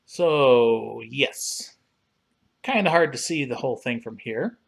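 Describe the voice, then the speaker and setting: Male streamer, drawn-out delivery, casual browse-and-chat tone, mid pitch. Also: gravelly, breathy edge. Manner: relaxed, unhurried, talks while browsing and reading aloud. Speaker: livestream host reviewing collectible figures. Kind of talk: casual livestream commentary.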